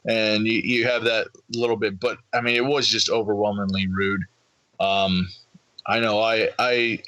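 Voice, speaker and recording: Excitable man telling a story. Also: mid-range voice, no echo, rough recording. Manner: excitable storyteller, acts out crowd voices. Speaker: podcast co-host. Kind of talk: casual chat.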